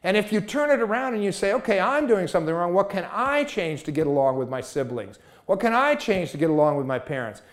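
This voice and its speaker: A man's voice: sits high, lively intonation, fairly quick, few pauses. A man giving a motivational talk, emphatic and full of rhetorical questions.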